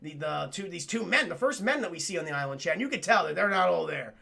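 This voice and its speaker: A young man retells a movie to his livestream chat in a loose, animated, profane way. His voice sits high and carries gravelly fry, with a bright, forward edge. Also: fast. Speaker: film reviewer livestreaming to chat. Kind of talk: casual spoiler review on a livestream.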